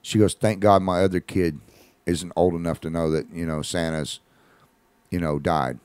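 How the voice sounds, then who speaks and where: A man's voice: sits low, steady tone, normal speed, a little mellow, clear, resonant tone, dry recording. A man hosting a live radio show, telling a story in a folksy, conversational way and acting out the quoted voices. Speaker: radio host. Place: studio.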